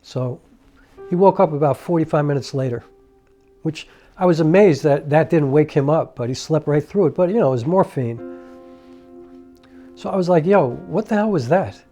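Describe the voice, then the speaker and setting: Middle-aged male storyteller: slightly high, warm tone, conversational and earnest, often restarting mid-thought. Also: moderate pace, long pauses. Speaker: filmmaker and storyteller. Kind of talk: personal storytelling to camera. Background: soft piano music.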